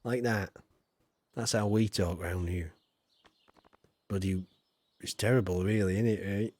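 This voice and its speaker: A man's voice: lowish voice, fairly even intonation, measured pace, darkish tone, no echo. Chatty Yorkshire man streaming. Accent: Yorkshire English. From Yorkshire, England. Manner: chatty, rambling, mild swearing, frequent "you know". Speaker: game streamer. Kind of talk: casual live-stream chat.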